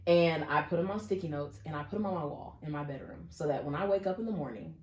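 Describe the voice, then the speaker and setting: A woman co-hosting a podcast, talking in an animated, emphatic way. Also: low voice, fast, reverberant. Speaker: podcast co-host. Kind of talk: casual chat.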